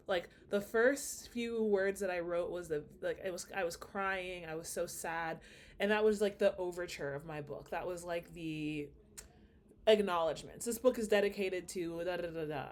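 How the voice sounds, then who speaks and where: A woman with a slight Nigerian accent talks to her viewers in a loose, reflective vlog. Her voice sits a little low, and she wanders through her thoughts with plenty of fillers and restarts. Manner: rambling, thinking aloud with many fillers. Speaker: vlogger. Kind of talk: casual reflective monologue.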